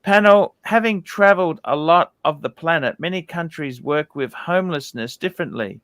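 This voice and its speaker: Bright jovial male livestream host. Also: fairly high pitch, normal speed, no echo. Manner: jovial, reads out super chats. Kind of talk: casual panel chat.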